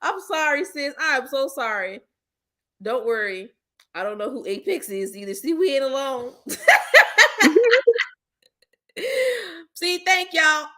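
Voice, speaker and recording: A woman hosting her own channel, chatting casually with viewers in a blunt, slangy, teasing way and breaking into loud playful laughter. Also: high voice, animated, normal speed. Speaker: host of a commentary channel. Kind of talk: casual chat reacting to viewers.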